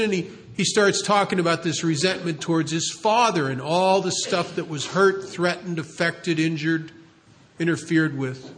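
A man telling a long recovery story in a halting way, repeating words and slowing down to stress key moments. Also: a little high, fairly bright tone. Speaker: recovery speaker. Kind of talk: storytelling talk.

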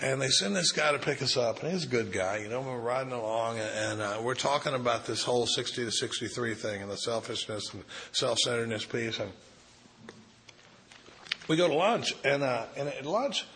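A man's voice: mid-range voice, animated, normal speed, sharp tone. A middle-aged man telling candid, self-deprecating stories to a recovery group, speaking as a sponsor. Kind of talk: storytelling talk to a recovery group.

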